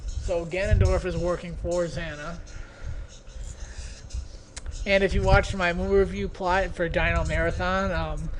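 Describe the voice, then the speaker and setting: A young man giving loose, rambling commentary on his own video, with many pauses and fillers. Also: high voice, level tone, slight background noise. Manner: rambling, hesitant, full of fillers. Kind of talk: casual commentary.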